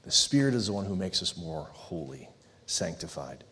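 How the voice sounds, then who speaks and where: A man preaching as a pastor and leading an earnest closing prayer, slowing down on the words he wants to land. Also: low voice, very animated, fairly bright tone. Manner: earnest, pleading, slows on key phrases. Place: church sanctuary. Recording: long hall reverb.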